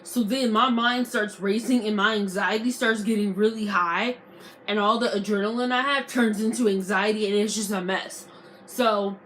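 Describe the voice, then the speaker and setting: A young adult woman vlogger telling a storytime story to camera, slangy and animated, acting out arguments as she goes. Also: medium pitch, a little hiss or hum. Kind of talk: casual storytime vlog.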